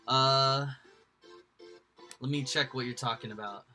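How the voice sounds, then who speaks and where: A man's voice: mid-range voice, fairly even intonation, unhurried, pushed and bright, soft background music. A man hosting a livestream, rambling casually to his chat, swearing freely. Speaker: livestream host. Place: indoors at home.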